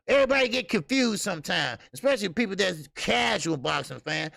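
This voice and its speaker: A man's voice: high-pitched, expressive, a little fast, creaky, few pauses, pushed and bright, dry recording, studio quality. A man hosting a casual boxing livestream who talks bluntly and profanely, laughs often and rambles with lots of fillers while reading viewers' chat. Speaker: boxing channel host.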